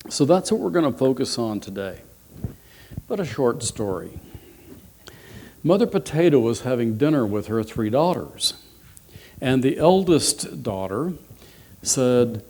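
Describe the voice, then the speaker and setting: A man, a minister, giving a sermon and telling a story in an unhurried, expressive way. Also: on the low side. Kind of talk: sermon with a told joke.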